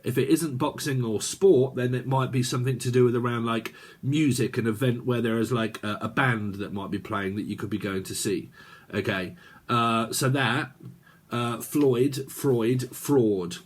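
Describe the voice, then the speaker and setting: A man's voice: mid-range voice, measured pace, slightly rough. Rambling man reading tarot. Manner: rambling, free-associating with many fillers. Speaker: tarot reader.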